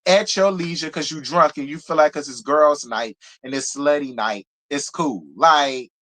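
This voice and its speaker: Animated, gossipy man with a raised voice. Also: on the high side, moderate pace. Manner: animated, profane, gossipy, laughs often. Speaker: reality TV recap host. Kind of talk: casual live review commentary.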